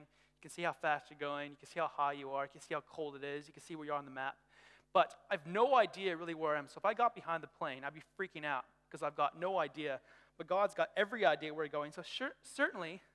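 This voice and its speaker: Youth pastor, man, high voice, chatty animated sermon, reverberant hall. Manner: animated, conversational preaching with personal stories.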